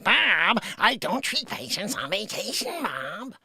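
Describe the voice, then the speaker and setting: An exasperated, fussy middle-aged psychiatrist, as a man puts him on, drawing out every word slowly. The voice is bright and breathy, and it swings wildly up and down in pitch. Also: big pitch swings, dry recording, full character voice.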